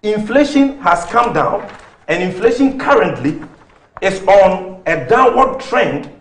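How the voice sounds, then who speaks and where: A political commentator with a Ghanaian English accent makes his arguments slowly on a talk show, peppering them with rhetorical questions and figures. His voice is high, expressive, and fairly bright in tone.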